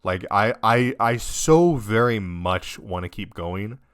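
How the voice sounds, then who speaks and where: A young let's-play gamer with a lowish, clean-toned voice speaks slowly with lively intonation. Upset and close to tears as he plays and comments, he swears constantly and rants in broken, trailing sentences.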